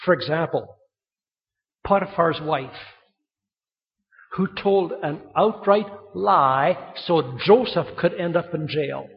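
A male pastor with a high, gravelly voice delivers a sermon in a church hall. He tells stories and acts out the voices of the people in them. The sound is muffled and rings with a long echo. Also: slow pace, long pauses. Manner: animated storytelling, acting out quoted voices.

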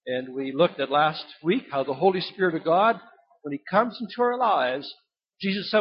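A man's voice: a little high, animated, moderate pace, husky, dull audio. An older man preaching a sermon, telling a folksy story and acting out the voices in it. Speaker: pastor.

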